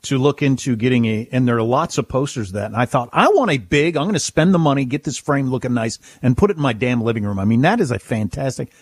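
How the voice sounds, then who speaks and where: Joking radio co-host, lively voice. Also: male voice, medium pitch, fast, few pauses, slightly rough, no echo. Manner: joking, self-deprecating. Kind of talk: casual talk radio banter.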